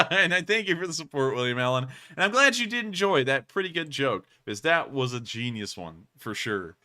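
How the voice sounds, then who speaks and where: Tired, bright-voiced man hosting a livestream. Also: medium pitch, very animated, brisk, few pauses. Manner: drawling, tired, apologetic between answers. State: exhausted, yawning. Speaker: livestream host. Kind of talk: casual livestream commentary.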